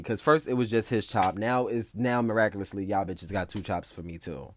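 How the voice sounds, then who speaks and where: Young man, 20s, dry close sound, animated and profane storyteller with ballroom slang. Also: on the low side, fairly quick, few pauses, no echo. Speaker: ballroom competitor.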